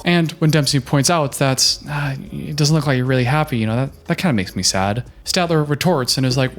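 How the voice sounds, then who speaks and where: A man's voice: mid-range voice, brisk, faint music behind. A man doing casual reaction commentary, chatty and opinionated, giving relationship advice.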